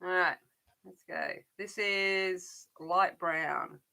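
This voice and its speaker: A woman's voice: lowish voice, fairly even intonation, drawn-out words, vocal fry, pushed and bright. A middle-aged woman chatting casually while colouring, rambling along with frequent restarts. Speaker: adult colouring channel host.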